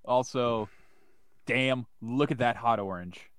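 A man's voice: mid-range voice, slow, no echo, clean studio sound. A man co-hosting a podcast, chiming in with teasing, joking remarks. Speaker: podcast co-host. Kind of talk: casual chat.

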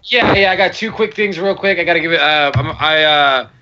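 A man's voice: fairly high pitch, fairly quick, pushed and bright. A man co-hosting a casual podcast, talking emphatically and repeating himself, swearing often. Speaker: podcast co-host. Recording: dull lo-fi audio.

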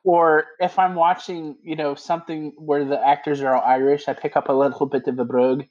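A man's voice: a little high, brisk. Priest guy chatting, lots of um and you know, kinda muffled audio. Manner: laughs easily, animated, lots of fillers. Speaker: priest guest. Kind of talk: casual podcast chat. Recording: slightly dull lo-fi sound.

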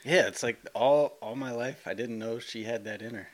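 A man co-hosting a podcast, telling family anecdotes in a relaxed, amused way. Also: mid-range voice, moderate pace. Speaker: podcast co-host. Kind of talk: casual chat.

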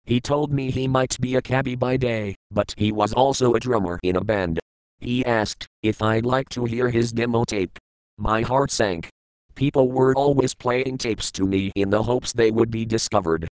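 A male audiobook narrator telling a first-person story in a measured, plain way. His voice is smooth and clear at a middle pitch. The recording is dry and close, with no room sound. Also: no room sound, poor audio.

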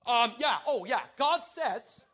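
A man acting out his young son of about six who yells a message loudly across a restaurant. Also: very high voice, expressive, slow pace, voice pushed up, exaggerated voice. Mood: excited yelling. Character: loud little boy, about six, blurting prophecy.

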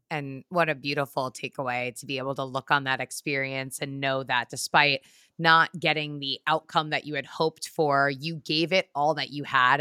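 A woman hosting an interview, affirming her guest in a warm, measured way. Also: sits low, clean tone, no echo, clean studio sound.

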